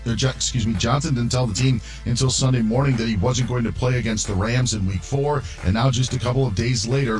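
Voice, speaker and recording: A man reading a scripted sports news update as anchor, brisk and steady. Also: mid-range voice. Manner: brisk newsreader delivery.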